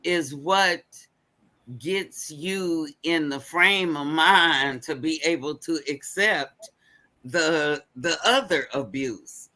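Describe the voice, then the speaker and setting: Woman co-host on a podcast, talks slow and deliberate, bright forceful tone. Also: sits low, poor audio. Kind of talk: casual panel discussion.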